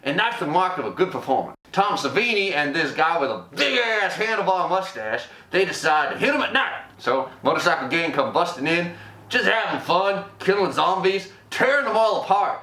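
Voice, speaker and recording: A man playing a loud slangy barbecue king reviewing films. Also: sits high, normal speed, roomy sound, full character voice. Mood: hyped. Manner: slangy, animated, drops verb endings, breaks into excited squeals acting out scenes. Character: loud brash self-proclaimed barbecue king, adult man. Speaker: comedic movie reviewer. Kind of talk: comic in-character movie review.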